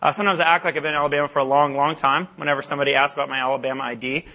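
A young man giving a college ministry talk, telling a personal story in an animated, self-deprecating way with lots of fillers. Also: medium pitch, racing. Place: church meeting hall.

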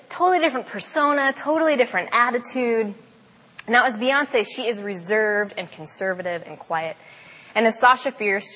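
A woman's voice: on the high side, fairly bright tone. Chatty young woman in a reverberant hall. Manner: chatty, self-deprecating, with fillers. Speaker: campus ministry staff speaker. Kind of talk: casual sermon talk.

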